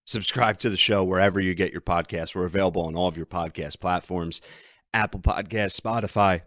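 A man's voice: low-pitched, normal speed, fairly bright tone, no room sound, studio quality. A man hosting a sports betting podcast, ranting and emphatic as he talks through his team's troubles. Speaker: podcast host.

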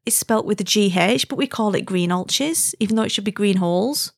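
A married adult woman from Wigan in northern England talks fast in a mid-range voice with vocal fry and a slightly rough texture. Her Wigan accent colors a chatty, emphatic story full of "right?", recorded cleanly in a studio with no echo.

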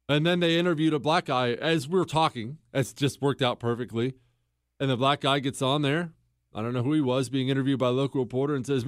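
A man's voice: mid-range voice, a little fast, dry recording, studio quality. A man hosting a talk show, telling a story and arguing his point in an emphatic monologue, repeating words for stress. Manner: storytelling, mimics others in quotes, emphatic repetition. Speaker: podcast host. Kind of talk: opinionated monologue.

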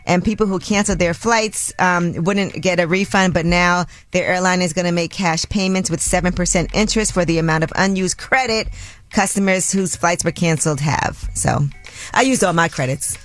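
A woman with a New York accent hosting a radio show, reading news items in a relaxed, chatty way and laughing often. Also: fairly low pitch, moderate pace. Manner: upbeat, laughs often, reads stories conversationally. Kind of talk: casual radio chat and news segments.

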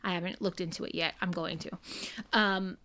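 A woman's voice: fairly low pitch, steady tone, normal speed, sharp tone. Woman, casual storytelling, rambling, fillers and swearing. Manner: rambling, lots of likes and ums, cursing.

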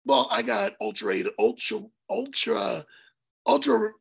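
A man telling a story on a podcast in a casual, animated way, swearing and loudly acting out what people said. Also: high-pitched, a little slow, vocal fry, breathy edge. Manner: animated, swearing, acts out his own quotes loudly. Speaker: podcast co-host.

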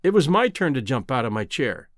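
A man narrating a novel in a measured, old-fashioned literary manner. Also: medium pitch, very animated, no room sound, clean studio sound. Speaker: audiobook narrator. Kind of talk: scripted narration.

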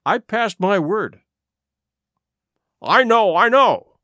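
A man's voice: on the high side, sing-song, a little slow, fairly bright tone, dry recording, full character voice. A man voicing a kindly middle-aged male doctor who speaks earnestly and urgently. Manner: earnest, rising to urgent pleas.

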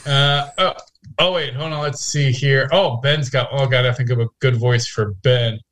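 A man's voice: medium pitch, steady tone, normal speed, fairly bright tone. Joking man co-hosting a podcast. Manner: joking, teasing, laughs often. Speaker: podcast co-host. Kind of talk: casual chat.

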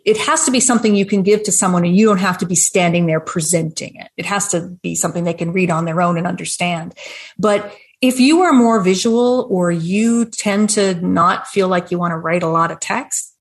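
A woman talks through business planning in a friendly, explanatory way, like a teacher speaking to students. Her pitch sits in an ordinary middle range. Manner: explanatory, friendly, laughs now and then. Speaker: restaurant business consultant and educator. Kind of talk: webinar conversation.

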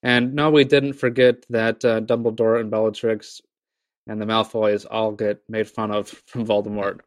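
A man's voice: on the low side, little pitch movement, moderate pace, dry recording. A man hosting a casual book discussion podcast, talking enthusiastically and rambling a little. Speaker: podcast host.

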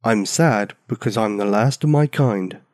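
A vast, grieving giant rolls out each word slowly in a low rumble, as a male storyteller puts him on. The delivery is drawn out and heavy with sadness, in a storybook reading with a dry, close sound. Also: darkish tone, no room sound, lightly acted. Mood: sorrowful. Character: huge sorrowful male giant, slow rumbling.

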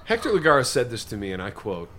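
A man's voice: quick pace, noisy background. Mock-indignant man co-hosting a talk show. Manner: theatrical, mock-grave, animated pitch swings. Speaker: podcast co-host. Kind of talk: mock-indignant comedic banter.

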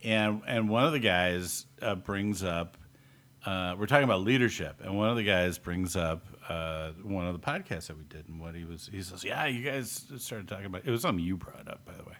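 A man co-hosting a Catholic podcast, chatting casually and telling lively anecdotes, acting out the people he quotes. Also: sits low, a little fast. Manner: storytelling, acts out quoted people, laughs often. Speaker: podcast co-host. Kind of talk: casual chat.

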